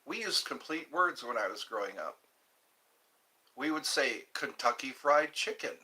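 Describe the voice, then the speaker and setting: Hosting a laid-back livestream, a middle-aged man from Georgia in the US Deep South speaks in an unhurried mid-range voice with lively intonation and a bright, forceful tone. He looks back on old times in a rambling way and replies to his chat.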